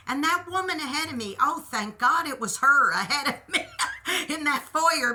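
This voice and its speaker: A woman's voice: mid-range voice, sharp tone. A middle-aged woman hosting her own show, telling a casual story and talking to her listeners as boys and girls. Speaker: host.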